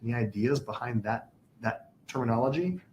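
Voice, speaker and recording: A man's voice: mid-range voice, expressive, fairly quick, a little mellow, muffled recording, a little hiss or hum. A man teaching a spiritual class, patiently explaining terms, spelling words out and asking the class questions.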